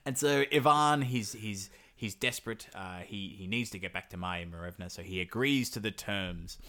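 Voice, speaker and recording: A man, casually retelling a folk tale on a comedy podcast, rambling, swearing, and slipping into quick silly voices for the characters. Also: on the low side, bright, forceful tone.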